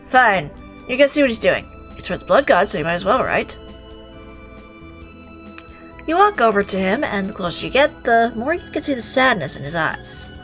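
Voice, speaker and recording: A woman reading a visual novel aloud, reacting with animated exclamations and the odd swear word. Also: medium pitch, fairly quick, soft background music. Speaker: game streamer.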